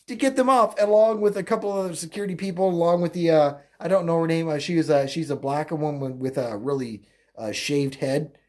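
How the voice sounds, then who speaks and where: A political commentary host ranting alone in a mocking, crude way, rambling with fillers, self-corrections and frequent laughter. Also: mid-range voice. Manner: mocking, crude, laughs often at own jokes. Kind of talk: opinionated solo rant.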